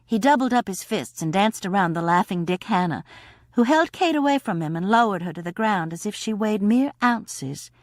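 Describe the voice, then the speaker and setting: A woman narrating an audiobook in a wry, expressive way. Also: mid-range voice, normal speed, no room sound, clean studio sound. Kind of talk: scripted narration.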